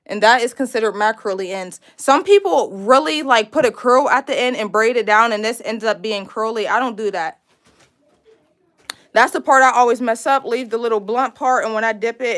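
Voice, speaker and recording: A young woman from Pittsburgh with a high, bright-toned voice runs a casual live braiding lesson. She chats freely with her viewers, reads their comments aloud and laughs easily as she works. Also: moderate pace. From Pittsburgh, USA. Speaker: braiding instructor hosting a live stream. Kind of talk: casual live-stream tutorial.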